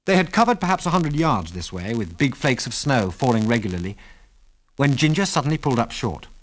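A man narrating an adventure story in a measured, dramatic reading. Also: medium pitch, very animated.

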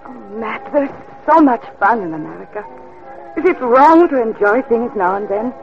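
An actress playing an earnest young Russian woman in a 1950s radio drama, speaking softly and wistfully. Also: fairly high pitch, animated, moderate pace. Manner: soft, wistful, pleading. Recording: dull lo-fi old radio recording. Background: music.

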